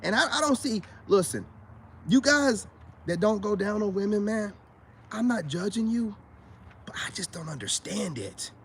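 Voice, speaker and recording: A man with a high, fairly bright voice and lively intonation speaks at normal speed, with a little hiss or hum on the recording. In a casual vlog monologue to camera, this self-styled spiritual adviser boasts and preaches. He addresses viewers as brothers and repeats his points.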